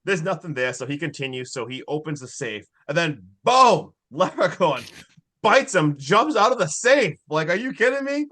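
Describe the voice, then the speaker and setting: A man co-hosting a casual podcast, retelling a horror film with eager, laughing energy. His voice sits a little high for a man, and he talks in quick excited bursts. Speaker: podcast co-host. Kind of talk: casual movie recap chat.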